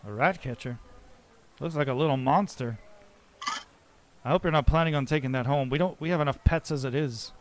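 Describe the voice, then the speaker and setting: A man voicing a gruff, teasing human father who is working on street lanterns. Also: mid-range voice, a little fast, pauses often, slight background noise, natural voice. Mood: incredulous. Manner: teasing, blustery.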